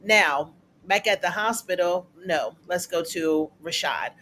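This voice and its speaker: Recap reviewer, casual colloquial chat, mid-pitched voice, faint background hum. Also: takes it slowly, bright, forceful tone. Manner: chatty, colloquial, acts out characters' lines in a raised voice. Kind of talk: casual spoken episode recap.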